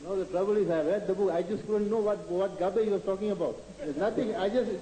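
A man in the audience of a lecture, asking his question haltingly with many fillers. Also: high voice, mellow. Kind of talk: question from the floor. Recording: echoey hall with faint hiss, archive tape.

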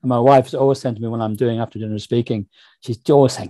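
A Northern Irish man talks as a guest on a podcast interview. He tells stories at a quick, animated clip and slips into other people's voices when he quotes them. His tone is dark and mellow, and the recording is dry and close, with no room around it. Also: mid-range voice, dry recording. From Northern Ireland. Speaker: guest author. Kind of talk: casual interview chat.

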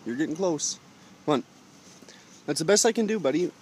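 High sing-song man coaxing birds. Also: expressive, brisk, long pauses, darkish tone, slight background noise. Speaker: man feeding ravens from a car. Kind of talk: casual coaxing chatter. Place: parked car outdoors.

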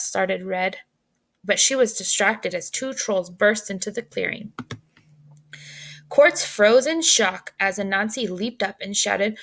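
A woman narrating a children's storybook in a clear, steady and expressive reading voice. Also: medium pitch, measured pace.

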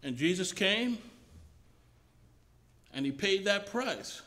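Preacher with a high voice, talky sermon delivery, repeats himself as he builds. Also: animated, slow, bright, forceful tone. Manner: conversational, repeats and restarts phrases. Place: mission chapel service.

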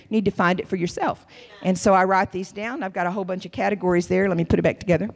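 A woman in her fifties giving a folksy, animated sermon as a guest church speaker, calling listeners honey. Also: mid-range voice, rapid-fire, creaky, long reverb tail. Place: church sanctuary.

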